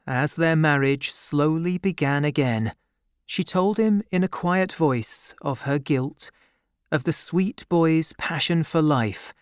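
A man reading a novel aloud as an audiobook narrator, with a measured, even storytelling delivery into a close studio microphone. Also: mid-range voice, clean tone, no echo.

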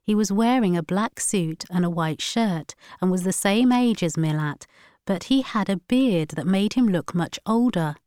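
A woman reads a story aloud in a steady, measured way. Her voice is smooth and crisp, recorded close on a studio mic with a dry, dead sound. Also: medium pitch, no echo. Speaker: narrator. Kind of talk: scripted narration.

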